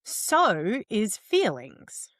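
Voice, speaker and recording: A woman's voice: medium pitch, wildly swooping pitch, extremely slow, a bit bright, no echo, clean studio sound. A middle-aged woman, a guest on a podcast interview, explaining earnestly with frequent restarts and tag questions. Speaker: guest, entrepreneur.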